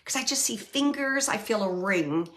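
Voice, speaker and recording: A woman working as a medium, giving a live reading to an audience member, talking in halting phrases with many fillers and repeating words as she relays messages. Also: mid-range voice, expressive, a bit bright. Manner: relays messages, quotes the dead man.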